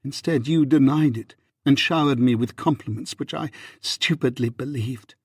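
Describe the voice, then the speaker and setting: A man voicing a hurt, proud young Regency wife in an audiobook, with a husky, measured and restrained delivery. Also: mid-range voice, dry recording, clean studio sound. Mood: wounded. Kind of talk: audiobook reading.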